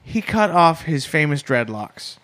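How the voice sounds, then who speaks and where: A man's voice: fairly high pitch, sing-song, measured pace, a bit bright. A man co-hosting a comedy podcast, asking playful, teasing questions in casual chat. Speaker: podcast co-host.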